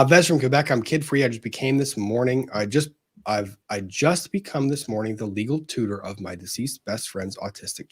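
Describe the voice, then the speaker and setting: A man's voice: mid-range voice, husky. A man hosting a casual livestream, earnestly thanking viewers as he reads out their super chats.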